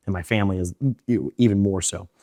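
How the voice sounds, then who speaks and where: A young man telling his story in an interview, rushing in run-on sentences full of fillers and restarts. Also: low-pitched, steady tone, warm tone, no echo, clean studio sound. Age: young adult. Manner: fast, run-on talk with many fillers and restarts. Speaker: interview guest.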